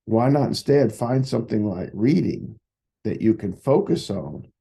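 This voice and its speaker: A man's voice: fairly low pitch, big pitch swings, a little slow, creaky, dark tone, slightly rough. A man who works as a psychotherapist, giving folksy, casual advice and telling stories. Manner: folksy, repetitive, storytelling.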